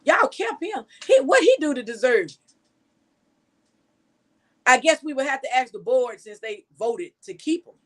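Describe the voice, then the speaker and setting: A woman's voice: high-pitched, very animated, a little slow, long pauses, fairly bright tone. A woman journalist giving outspoken, scolding news commentary full of rhetorical questions.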